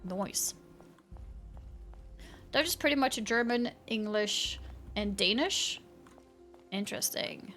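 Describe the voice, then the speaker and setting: Laid-back woman gaming on stream, talky and giggly, soft music under her. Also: mid-range voice, lively intonation, slow pace, pauses often. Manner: chatty, reads chat aloud and laughs often. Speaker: game streamer. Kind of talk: casual live-stream chat.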